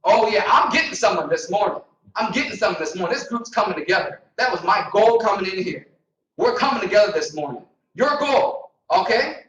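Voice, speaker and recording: A man giving an energetic, repetitive motivational seminar talk to a group in a meeting room. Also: high-pitched, quick pace. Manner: energetic, repetitive, preacher-like emphasis. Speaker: motivational trainer. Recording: echoey room, distant mic.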